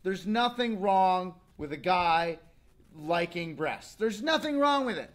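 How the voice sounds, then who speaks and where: A man in his thirties hosting a casual comedic rant, animated and slipping into mocking voices. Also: high-pitched, slow pace. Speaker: show host.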